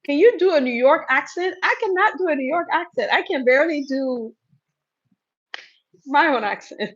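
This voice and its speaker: A woman's voice: high-pitched, lively intonation, moderate pace. A woman from Cameroon chats casually through a livestream Q&A, picking up viewers' comments and answering them with a ready laugh. The sound is a little dull and lo-fi, like a plain livestream mic. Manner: chatty, laughs often, reads out viewer comments. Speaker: livestream host. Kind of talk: casual live Q&A chat.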